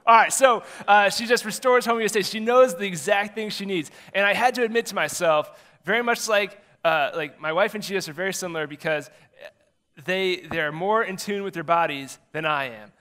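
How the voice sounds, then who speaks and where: A man's voice: sits high, fairly quick, sharp tone. A man, a middle school pastor giving a casual, chatty sermon and acting out little quotes as he tells the story.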